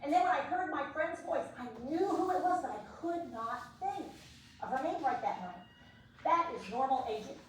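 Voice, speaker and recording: High-voiced woman trainer in echoey hall. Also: moderate pace. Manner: animated, acts out voices for laughs. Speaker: dementia care trainer. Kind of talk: live training talk. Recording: echoey hall from far off, faint noise.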